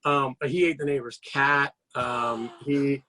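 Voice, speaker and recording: Guesting on a podcast, a man tells long, casual stories full of fillers and restarts, his anecdotes animated and rambling. His voice is medium in pitch and a little slow.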